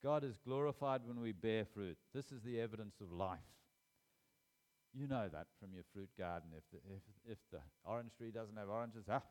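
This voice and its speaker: A man's voice: on the low side, normal speed, darkish tone. A man preaching a sermon, reading scripture aloud and stressing key phrases with repetition and sudden rises in voice. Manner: emphatic, repeats key phrases, rises sharply for emphasis.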